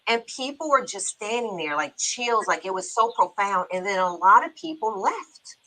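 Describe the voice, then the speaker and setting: A middle-aged woman hosting a talk show, telling a personal story in a chatty, quick-bursting way with laughs in her speech. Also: mid-range voice, lively intonation, pushed and bright, poor audio. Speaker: show host. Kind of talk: casual heartfelt talk-show chat.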